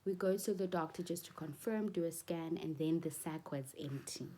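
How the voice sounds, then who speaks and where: A woman from South Africa with a South African accent, telling a personal story in a vlog. She speaks emotionally and haltingly, with Xhosa phrases mixed in. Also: sits low, mellow. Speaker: vlogger.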